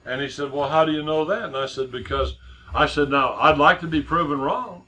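A man's voice: a little high, a little fast, sharp tone, low-quality recording. A middle-aged man preaching a sermon in a conversational way, with many restarts and repeated words as he tells a story.

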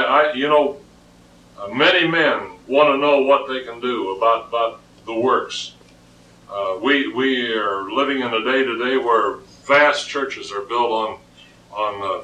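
A man's voice: medium pitch, bright, forceful tone, recorded from a distance. A man preaching a sermon, emphatic and often repeating words as he reasons aloud, recorded in an echoey room with the voice off-mic.

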